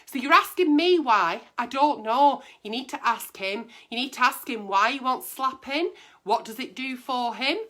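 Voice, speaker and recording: A woman's voice: high voice, normal speed, a bit bright. A woman, hosting a casual advice chat in a blunt, brash and sweary way. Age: 40s. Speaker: agony aunt host.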